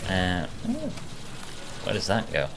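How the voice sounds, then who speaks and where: A man with a mild Yorkshire accent and a low, deep voice talks through a game stream. He rambles loosely as he answers chat, then drops into quiet muttering about what he's doing in the game. A faint hum of noise sits underneath. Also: huge pitch swings, slow pace, gravelly. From Yorkshire, England. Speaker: gaming streamer. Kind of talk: casual chat while playing a video game.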